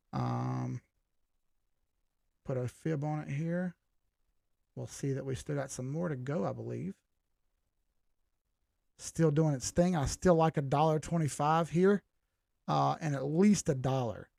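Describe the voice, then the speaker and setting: A man's voice: a little high, creaky, warm tone, dry recording, studio quality. A man hosting a live stream, going over charts in casual talk, blunt and combative as he answers his viewers directly. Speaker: crypto live-stream host.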